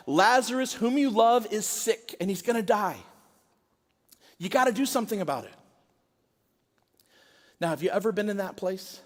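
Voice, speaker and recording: A middle-aged man preaching a sermon as pastor, telling stories in a conversational way. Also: high-pitched. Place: church sanctuary. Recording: long hall reverb.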